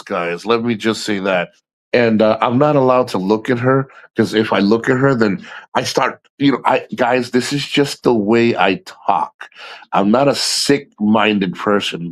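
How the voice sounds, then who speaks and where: A man from the United States chatting casually on a livestream, rambling and crude, laughing often. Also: mid-range voice. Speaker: streamer.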